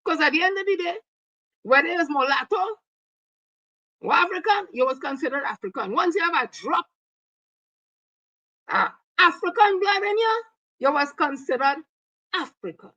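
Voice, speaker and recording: A woman's voice: extremely high pitch, expressive, normal speed, pauses often, sharp tone, highs cut off. A woman with a Trinidadian accent giving heated, scolding commentary. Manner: combative, scolding. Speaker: online commentator. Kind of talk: heated commentary with read-out quotes.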